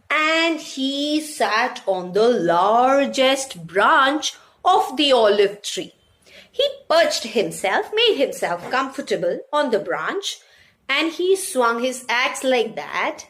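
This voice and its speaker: A woman telling a children's story aloud, animated, chanting sound effects and inviting listeners to join in. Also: high-pitched, slow pace.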